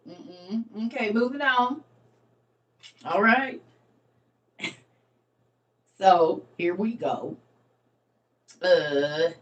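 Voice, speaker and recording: A woman's voice: fairly high pitch, pushed and bright, far from the mic. Laughing, teasing woman with a slangy drawl. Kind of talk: casual commentary on a reading.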